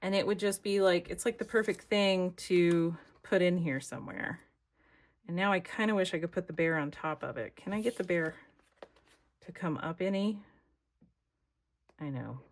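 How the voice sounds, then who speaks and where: A woman with an American accent, chatting casually to her viewers while she makes a collage, thinking out loud as she works. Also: on the low side, moderate pace, pauses often. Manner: chatty, thinks aloud, talks to viewers as y'all. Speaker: craft vlogger. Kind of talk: casual crafting chat to camera.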